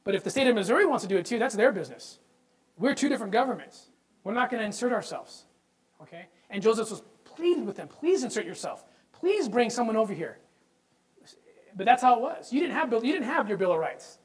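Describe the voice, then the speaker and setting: Speaking fast with an extremely high-pitched voice, a man presents an impassioned religious history lecture over poor audio. He's emphatic, poses rhetorical questions to the audience, and repeats words when excited.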